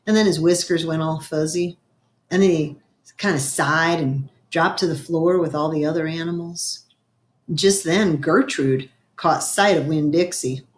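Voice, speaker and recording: A woman reading a children's novel aloud in a gentle storytelling manner, slowing down for effect. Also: sits low. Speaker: reader. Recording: echoey room.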